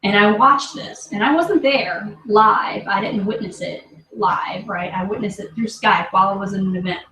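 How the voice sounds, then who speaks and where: A woman's voice: mid-range voice, moderate pace, pushed and bright. A woman in her thirties telling a personal story to camera, emphatic and emotional, often checking in with her listeners. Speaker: vlogger and business team leader. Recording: roomy echo, distant mic, faint hiss.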